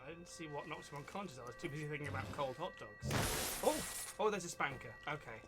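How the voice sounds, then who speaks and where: A man's voice: fairly high pitch, lively intonation, quick pace. Giggly male streamer over game music. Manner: giggly, rambling commentary on his own play. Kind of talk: casual live-stream chat.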